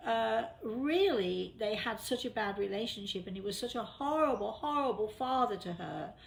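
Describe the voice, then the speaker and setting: A woman's voice: medium pitch, lively intonation, moderate pace, vocal fry. An older woman telling a personal story in a chatty, casual way, repeating words for emphasis.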